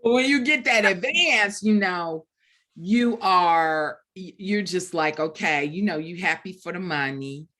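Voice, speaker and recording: A middle-aged woman, an author, telling a story in an animated way at a bookstore event, with lots of fillers and restarts. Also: fairly low pitch, unhurried. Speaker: author guest. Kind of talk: storytelling conversation at a book event.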